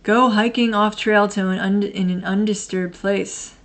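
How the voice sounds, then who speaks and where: Casting note: woman in her thirties, streamer, mid-pitched, loose rambling chat, laughs a lot, swears freely. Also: fairly even intonation, measured pace. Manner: rambling, laughs often, blunt and profane. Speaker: livestream host. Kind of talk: casual chat, reading and answering viewer comments.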